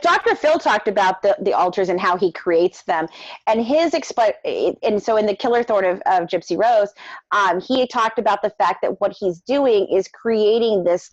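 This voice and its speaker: A woman hosting a conversation, explaining her points in an animated way with quick asides. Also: medium pitch, no room sound, dull audio. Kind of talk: conversational commentary.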